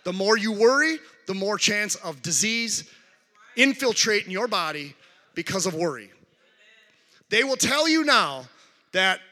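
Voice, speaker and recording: A man preaching a sermon as a guest speaker, calling out questions to the congregation and animated in delivery. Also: high voice, in a large hall. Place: church sanctuary.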